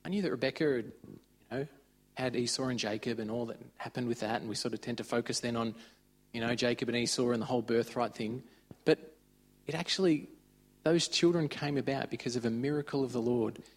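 A man's voice: mid-range voice, fairly even intonation, brisk. A man giving an informal, conversational sermon. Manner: conversational, chatty retelling of stories. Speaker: preacher.

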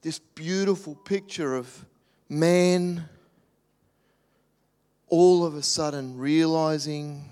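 A man preaching a sermon in a church, animated, acting out voices and dropping to soft near-whispers. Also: on the high side, slow, long pauses. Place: church hall. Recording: reverberant hall.

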